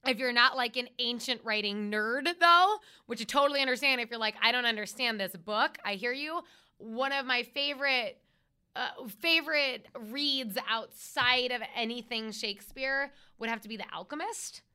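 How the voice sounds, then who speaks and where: A woman who works as a radio host, chatting as a guest on a podcast. She talks in an emphatic, animated way, and her voice is bright and crisp. She sounds a little higher than most women. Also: moderate pace. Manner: lively, emphatic, animated storytelling. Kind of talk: casual interview talk.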